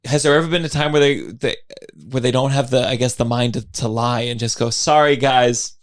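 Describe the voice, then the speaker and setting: A man's voice: medium pitch, fairly even intonation, a little fast. A man hosting a podcast, asking curious questions and joking in casual chat. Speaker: podcast host.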